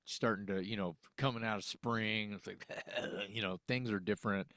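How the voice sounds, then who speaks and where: A man's voice: lowish voice, fairly even intonation, moderate pace, a bit bright, no echo, studio quality. A man who sings and teaches music, from Texas, telling a story in casual conversation, acting out phone calls and swearing freely. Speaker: interview guest, singer.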